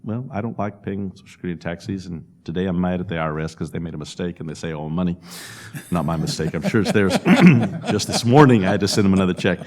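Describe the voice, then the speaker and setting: A man's voice: sits low, fast talker, darkish tone. A man speaking at a public panel discussion, telling stories and acting out quotes with laughs. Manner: storytelling with acted-out quotes and laughs.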